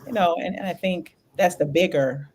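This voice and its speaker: A woman hosting a candid podcast conversation, telling her story in an animated, laughing way with casual slang. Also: fairly low pitch, moderate pace, a little hiss or hum. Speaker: podcast host.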